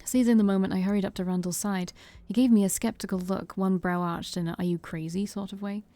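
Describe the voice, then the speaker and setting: A woman streamer reading a visual novel aloud in steady narration, with small stumbles. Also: medium pitch, fast, dry recording, faint music behind. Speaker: let's-play streamer.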